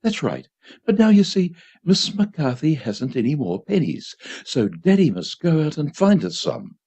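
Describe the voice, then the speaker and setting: A man reading a hushed, gentle mother. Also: a little high, very animated, measured pace, slightly rough, heavily acted. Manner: soft, hushed and soothing. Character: patient young mother, soft and gentle. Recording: dull lo-fi community radio.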